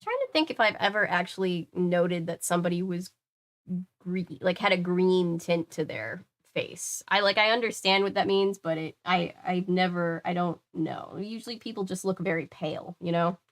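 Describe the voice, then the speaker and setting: A woman's voice: fairly low pitch, moderate pace. Chatty woman reading a book aloud. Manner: chatty, rambling asides with fillers. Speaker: book reader. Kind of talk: casual read-aloud with asides.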